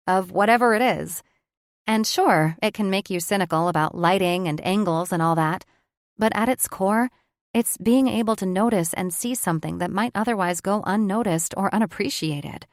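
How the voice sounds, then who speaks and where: A woman's voice: mid-range voice, dry recording, studio quality. Reflective woman narrating an audiobook. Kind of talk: first-person audiobook narration.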